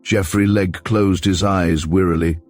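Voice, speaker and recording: A man narrating a mystery novel as an audiobook, steady and measured. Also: low-pitched, dry recording, soft background music. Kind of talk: scripted narration.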